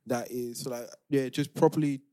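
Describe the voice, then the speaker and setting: A man's voice: mid-range voice, steady tone, moderate pace, dark tone, clean tone, no echo. A man with a London accent, co-hosting a podcast, giving earnest advice in casual chat and often restarting his sentences. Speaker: podcast co-host.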